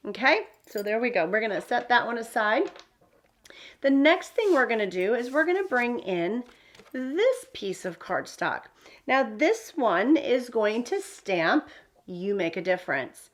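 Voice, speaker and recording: A woman's voice: on the high side, very animated, a little slow. Chatty woman demonstrating card making. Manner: chatty, thinking aloud with fillers. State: hiccups. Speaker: card-making tutorial host. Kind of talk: casual crafting demonstration.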